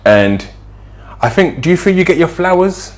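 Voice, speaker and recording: A man hosting a podcast, asking measured, probing questions in a casual way with fillers. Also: fairly high pitch, big pitch swings. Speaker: podcast host.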